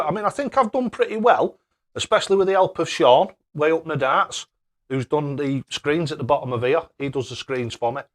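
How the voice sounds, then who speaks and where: A young man hosting a live stream, chatting casually and thanking viewers by name. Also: mid-range voice. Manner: cheery, excitable.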